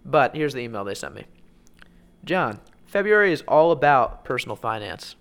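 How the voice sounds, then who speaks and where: A man's voice: mid-range voice, sing-song, moderate pace, vocal fry, fairly bright tone, clean tone. A man co-hosting a casual podcast about email marketing, joking and teasing dryly as he goes. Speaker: podcast co-host.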